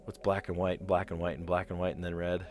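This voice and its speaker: A man's voice: low-pitched, flat delivery, fast talker, over music. A man with a light New Jersey accent hosting a live stream of word puzzles, chatting casually and rambling with frequent laughs. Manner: chatty and rambling, laughs often, reads chat aloud.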